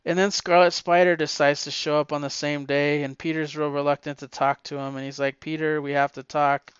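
A man with a smooth, resonant voice recaps a comic book in a casual, heartfelt way, his voice catching with emotion. The recording is dry and a bit dull and lo-fi. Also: a little high, little pitch movement, brisk, fairly bright tone, no echo. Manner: emotional, chokes up while recounting.

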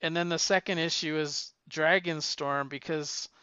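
A man chats about what he has been reading, rambling and halting, with many restarts and fillers. His voice sits a little high and sounds bright and crisp. The recording is dry but slightly dull and lo-fi. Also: steady tone, no room sound. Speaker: podcast co-host reviewing comics. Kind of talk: casual chat.

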